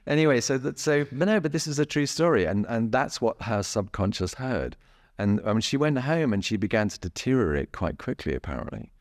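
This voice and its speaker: A man working as a bodywork therapist, explaining gently and casually, laughing often and restarting his sentences a lot. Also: mid-range voice, very animated, no echo, studio quality. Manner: gentle, chuckling, halting with many restarts.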